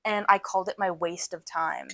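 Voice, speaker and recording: A woman's voice: on the low side, fairly even intonation, normal speed, gravelly, bright, forceful tone, no room sound. A young adult woman co-hosting a podcast in casual chat, rambling and giggly, often saying "literally". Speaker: podcast co-host.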